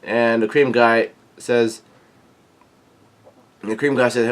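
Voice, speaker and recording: A man reading a comic aloud for a reaction video, with a voice of middle pitch. He goes along haltingly, with many fillers and restarts. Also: little pitch movement.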